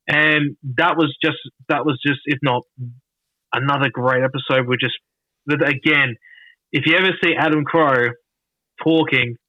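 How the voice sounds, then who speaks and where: Bright-voiced Australian man telling stories. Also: mid-range voice, dry recording. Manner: rambling, halting restarts, frequent swearing. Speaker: podcast guest. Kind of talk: casual storytelling. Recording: dull lo-fi dry sound.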